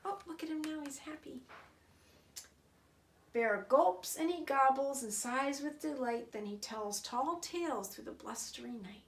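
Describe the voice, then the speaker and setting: Slow, high-voiced woman reading aloud. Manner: expressive, sing-song. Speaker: storyteller. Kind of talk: reading a picture book aloud to children.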